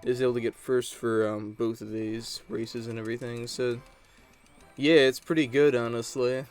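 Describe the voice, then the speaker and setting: A man's voice: mid-range voice, little pitch movement, moderate pace, faint music behind. A man giving casual gameplay commentary, rambling and chatty as he tells stories while he plays. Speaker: gaming channel host.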